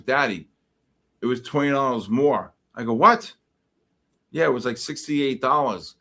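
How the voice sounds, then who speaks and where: Brief: middle-aged man, livestream host, casual, animated, mock-exasperated banter. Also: medium pitch. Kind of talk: casual chat reading live comments.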